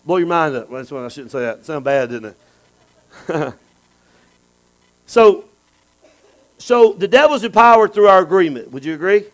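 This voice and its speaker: A high-voiced man preaching a sermon. He talks to the congregation in a loose, lively way, drops low for asides and climbs into loud cries. The talk swings between quiet and loud. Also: moderate pace, pauses often, poor audio. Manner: animated preaching that swings from soft asides to shouts. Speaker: pastor.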